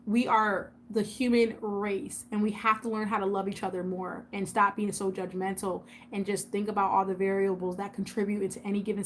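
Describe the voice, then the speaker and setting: A woman's voice: mid-range voice, fairly bright tone, a little hiss or hum. Chatty woman on a casual live stream. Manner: chatty, addresses viewers by name, repeats herself for emphasis. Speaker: YouTube host on a livestream.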